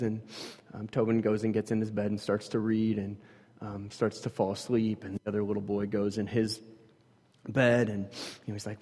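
A man with a slightly husky voice tells a long personal story about putting his kids to bed, full of fillers and restarts. He swings between loud stretches and hushed, almost whispered ones. His voice rings out with a long reverb, as if in a large hall. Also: on the low side, level tone, moderate pace. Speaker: father telling a personal story.

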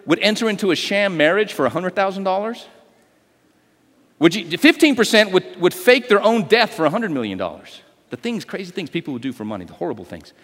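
A man preaching a sermon as pastor, lively and conversational, with call-and-response and sudden loud, drawn-out swells. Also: high-pitched, big-room sound. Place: church sanctuary.

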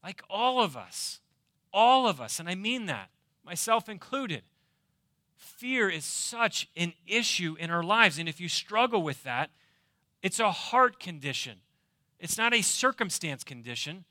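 Emphatic high-voiced preacher man. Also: very animated, measured pace, bright, forceful tone, no room sound, studio quality. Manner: emphatic, repeats key phrases, rhetorical questions. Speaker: pastor. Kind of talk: sermon. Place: church.

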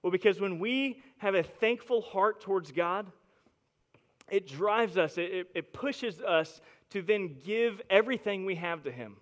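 A young adult man preaching a sermon to a congregation, emphatic, often repeating words as he builds from quiet, intimate stretches to loud, forceful ones. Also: high voice, measured pace. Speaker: pastor.

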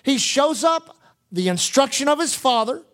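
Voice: sits high, moderate pace. A preacher delivering a sermon, repeating phrases for emphasis and quoting scripture in old-fashioned wording. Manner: animated, repetitive emphatic preaching with asides; quotes scripture in King James wording.

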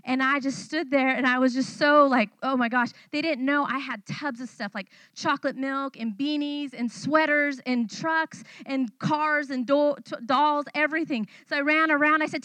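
A woman in her thirties from California gives a youth sermon as a personal testimony. Her voice sits high and sounds bright, and she tells the story with animation, acting out the voices of the people in it. The recording is dry, with no room echo. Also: steady tone, normal speed, few pauses. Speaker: missionary speaker.

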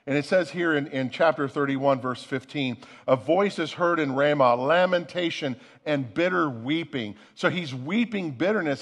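Higher-voiced man preaching earnestly. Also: slightly rough. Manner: earnest, repeats words at starts of phrases. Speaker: pastor. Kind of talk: sermon.

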